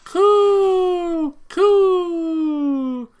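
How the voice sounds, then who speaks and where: A man voicing a fierce, odd pigeon bird who lets out loud, high cooing squawks. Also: steady tone, a little fast, full character voice. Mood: shrill.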